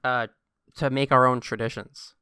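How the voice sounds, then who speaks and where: A man's voice: mid-range voice, level tone, normal speed, sharp tone, clean tone, dry recording, studio quality. A young man co-hosting a podcast, enthusiastic and giggly, often stammering as he restarts sentences. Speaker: podcast co-host. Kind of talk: casual chat.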